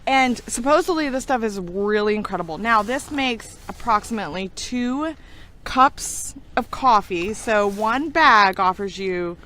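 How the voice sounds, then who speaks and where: A woman's voice: medium pitch, lively intonation, unhurried, sharp tone, a little hiss or hum. A woman co-hosting a casual product review, chatty and frank, laughing often. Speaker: co-host.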